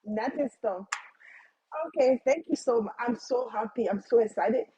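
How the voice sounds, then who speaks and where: A mother of five giving an excited, effusive testimonial on a video call, often repeating herself. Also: fairly high pitch, normal speed, lo-fi sound, slight background noise. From Canada. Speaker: guest business partner.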